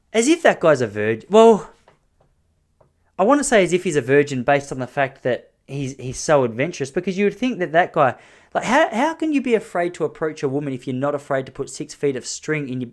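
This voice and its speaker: A man hosting a solo podcast, rambling and joking in an animated way. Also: a little high. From Australia. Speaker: podcast host. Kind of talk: solo comedic monologue.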